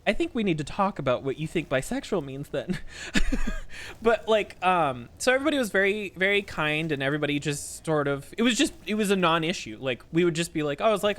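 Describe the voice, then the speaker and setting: A man's voice: a little high, expressive, fairly quick, fairly bright tone. A man streaming a game and chatting casually, telling stories full of fillers and frequent laughter. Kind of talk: casual chat while playing a game.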